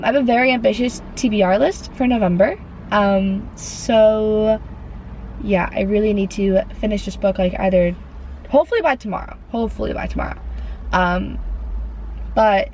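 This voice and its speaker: A woman's voice: a little high, a bit bright, a little hiss or hum, rough recording. Chatty young woman vlogging about books. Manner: chatty, fills talk with "like". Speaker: book vlogger. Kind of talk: casual vlog chat. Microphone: camera propped up without tripod.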